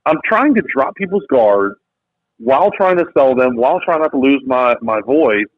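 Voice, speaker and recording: A man, a business founder and podcast guest, telling a story in lively conversation and acting out quotes in different voices. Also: mid-range voice, normal speed. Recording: tinny phone-like line, dry.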